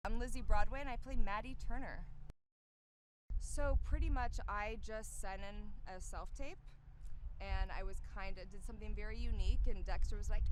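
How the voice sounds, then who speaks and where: A woman's voice: medium pitch, normal speed. Young woman, actress, bubbly and gushing, press interview, noisy background with passing traffic. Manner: bubbly, gushing, swings loud and soft.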